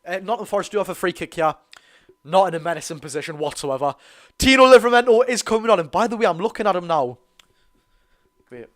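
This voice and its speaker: A teenage man with a Geordie accent giving a live fan commentary on a football match, talking to his chat, his voice going hoarse. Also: on the high side, fast, long pauses. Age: teens. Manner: excitable, chatty, calls the play and talks to chat. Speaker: fan watch-along host.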